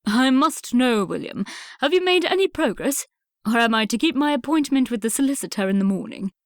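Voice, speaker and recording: A woman reading an audiobook, voicing a blustering older Regency father who speaks in a booming, brusque and emphatic way. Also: expressive, a little fast, no room sound, clean studio sound.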